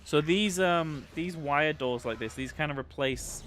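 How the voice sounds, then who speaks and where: A man's voice: on the high side, a little slow, fairly bright tone, slight background noise. A man with a British accent giving rambling, casual commentary while livestreaming a game. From Britain. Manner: chatty, rambling, with many fillers. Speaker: livestream gamer.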